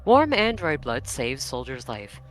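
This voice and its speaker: A woman puts on a news anchor with a low, steady read. She keeps a polished delivery, trips over a word now and then, and recovers. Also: faint music behind, exaggerated voice, rough recording. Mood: newsy. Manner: measured newscaster delivery, stumbles over words. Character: woman news anchor reading a glossy puff piece. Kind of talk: mock news reading.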